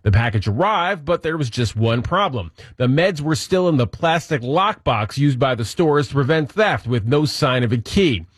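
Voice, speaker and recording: Male radio segment host, mid-pitched, upbeat and lightly amused, dry studio mic. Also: expressive, normal speed, hardly any pauses, husky, dry recording. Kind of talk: reading news items and bantering.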